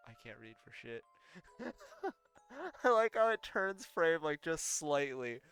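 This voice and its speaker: A man's voice: a little high, sing-song, slow pace, fairly bright tone, faint music behind. A man casually commenting on an old game during a live stream, wry and laughing at the dialogue.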